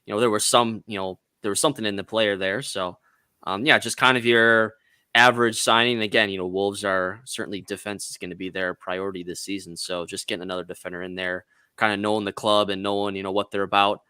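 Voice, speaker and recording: A man speaking as a guest on a football chat stream, measured and leaning often on "you know". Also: lowish voice, steady tone, sharp tone, clean tone, no echo, studio quality.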